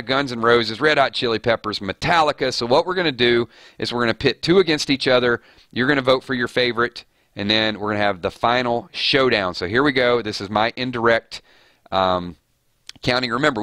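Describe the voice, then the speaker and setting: A man's voice: medium pitch, sharp tone, no room sound, clean studio sound. A man hosting a casual livestream, reading out viewers' rhymes and playfully judging them. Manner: playful, reads chat rhymes aloud and judges them. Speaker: livestream host.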